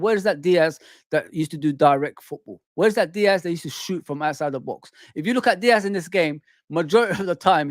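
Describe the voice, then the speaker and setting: Heated ranting football fan, high voice. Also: male voice, dry recording, clean studio sound. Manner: heated, repetitive, calls listeners "people" and "man". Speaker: fan channel host. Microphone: desk microphone.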